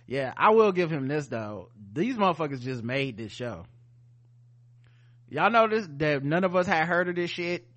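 A man's voice: fairly high pitch, very animated, moderate pace, a bit bright. A man co-hosting a casual podcast chat. He laughs often and reads listener comments aloud. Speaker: podcast co-host.

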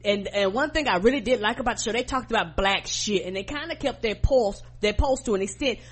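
A woman's voice: medium pitch, a little fast, breathy edge. A woman co-hosting a podcast in casual commentary, speaking bluntly and passionately with profanity. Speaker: podcast co-host.

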